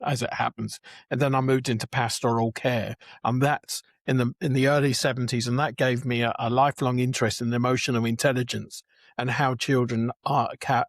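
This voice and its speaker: A Jewish educator from England in his seventies chats as an interview guest, telling stories full of restarts and chuckles. His medium-pitched voice has some vocal fry, and the recording is studio quality with no room sound.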